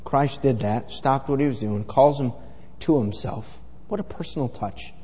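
A man's voice: medium pitch, normal speed, warm tone, breathy edge. A middle-aged man preaching a sermon in a folksy, rambling storytelling way full of fillers. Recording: echoey hall with long reverb.

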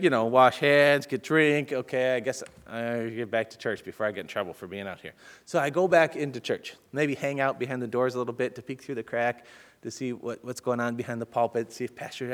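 A man preaching a sermon as a personal story, swinging between loud urgent bursts and hushed, soft passages. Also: medium pitch. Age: adult with children. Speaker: pastor.

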